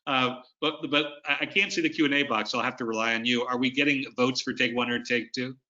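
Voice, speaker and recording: Webinar presenter, man, bright and forceful tone, coaching style, dull lo-fi video-call sound. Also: medium pitch, fairly even intonation, fast. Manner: coaching, explains with demonstrations. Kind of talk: instructional webinar talk.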